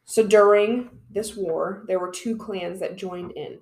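A woman co-hosting a podcast, casually telling a history story with playful, drawn-out emphasis. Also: medium pitch, darkish tone. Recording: roomy echo.

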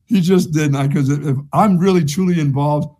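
Here a middle-aged man, co-host of a sports talk show, laughs at his own long-winded tale and keeps repeating himself as he chats. The voice is a little high with a dark tone, and the delivery is fairly quick. This is easygoing sports talk built around a story.

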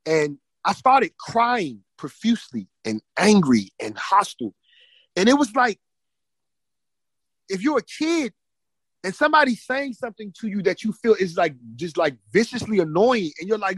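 A man on a podcast telling an emotional personal testimony, often restarting and repeating words, swinging between loud and hushed. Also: high-pitched, lively intonation, normal speed, breathy edge, no room sound, low-quality recording. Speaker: podcast guest.

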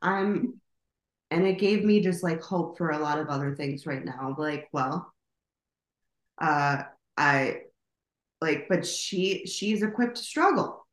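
A woman's voice: low-pitched, expressive, takes it slowly, pauses often. A middle-aged woman co-hosting a podcast, telling a rambling, casual story with lots of fillers and swearing. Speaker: podcast co-host. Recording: roomy echo.

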